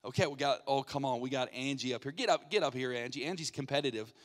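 A man, a pastor, playfully hosting a game from the stage, coaxing people up with quick jokey asides. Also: medium pitch. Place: church sanctuary. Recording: reverberant church hall.

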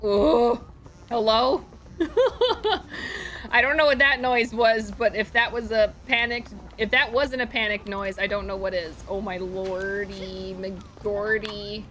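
A woman's voice: a little high, normal speed, a bit bright, slight background noise. A young adult woman streaming a game, joking playfully and talking to her chat. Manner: playful, jokey, talks to chat. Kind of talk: casual gameplay commentary.

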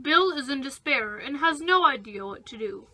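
A woman's voice: sits high, expressive, normal speed. A young woman narrating a toy pet skit in a mock-documentary manner. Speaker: narrator, channel creator. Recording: music playing underneath.

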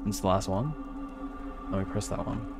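A man casually commenting while he plays a game on a close desk mic, jumping to high yelps when startled. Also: normal speed, gravelly. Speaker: gaming streamer. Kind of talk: casual let's-play commentary. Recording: game music underneath.

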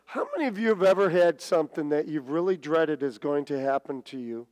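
A middle-aged male preacher with a somewhat high voice, whose sermon rings through a church sanctuary with long reverb. He tells stories full of stammered restarts, jumping up and down in pitch. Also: a little fast, a little mellow. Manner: storytelling with many restarts and stammers, dramatic swings of pitch.

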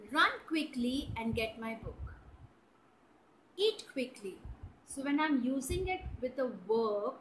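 A woman with an Indian English accent teaching grammar to children, spelling out words and often checking with "right?" and "clear?". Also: sits high, sharp tone, a little hiss or hum, poor audio. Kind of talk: slow, deliberate grammar lesson for children.

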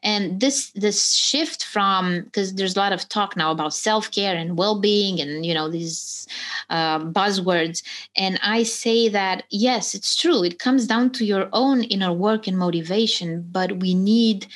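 A woman's voice: mid-range voice, measured pace. A woman talking earnestly in a heartfelt conversation, searching for words as she goes. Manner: earnest, searching, restarts phrases. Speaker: panel speaker.

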